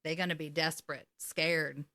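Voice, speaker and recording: A woman's voice: low-pitched, normal speed, no room sound. A woman, co-hosting a podcast recap, telling the story emotionally and swearing often. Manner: emotional, swearing, animated retelling. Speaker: podcast co-host. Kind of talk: casual recap chat.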